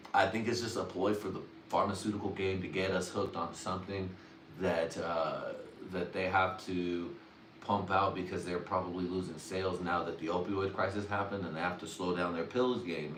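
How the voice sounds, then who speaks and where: On a livestream, a man riffs through crude, rambling stand-up, swearing freely and laughing at his own jokes. His voice is low and a bit bright, with fairly even intonation at normal speed. The roomy recording puts him distant from the mic, with faint ambience and a little hiss or hum.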